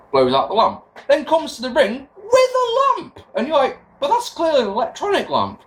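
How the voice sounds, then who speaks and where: Speaking at normal speed in a very high voice, a young wrestling podcast host recaps a show through animated, sarcastic rants laced with swearing, all in a casual tone.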